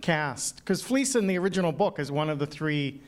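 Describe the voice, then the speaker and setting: A man interviewing a playwright, asking clear, prepared questions. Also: on the high side, expressive, normal speed.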